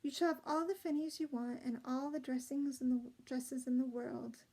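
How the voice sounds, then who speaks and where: A woman's voice: sits high, fairly even intonation, normal speed, husky, poor audio. A woman doing a playful young prince. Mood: tender. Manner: warm, playful. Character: cheerful young prince, kind and teasing.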